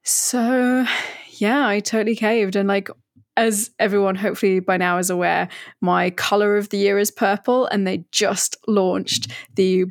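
A woman's voice: medium pitch, fairly even intonation, unhurried, no echo, clean studio sound. A woman co-hosting a podcast, chatting eagerly about her new running gear in a casual way. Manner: chatty, enthusiastic, lots of "like" and restarts. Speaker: podcast co-host. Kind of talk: casual chat.

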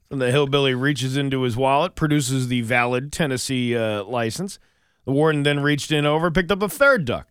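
A man's voice: mid-range voice, fairly quick, smooth, dry recording, studio quality. A man co-hosting a morning radio show, joking and telling a tall tale, playful and mock-conspiratorial. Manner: playful, mock-conspiratorial, loud put-on voices in jokes. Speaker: radio co-host, news reader. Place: radio studio. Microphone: studio mic.

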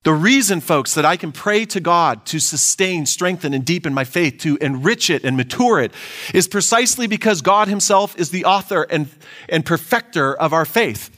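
A man's voice: a little high, lively intonation, moderate pace, fairly bright tone. A man preaching a sermon, earnest, reading scripture aloud and asking his listeners rhetorical questions. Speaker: pastor.

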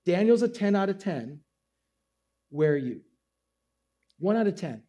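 A man's voice: high voice, very animated, unhurried, warm tone. A man preaching as a pastor, casual and self-deprecating, acting out little asides in a sermon to his church.

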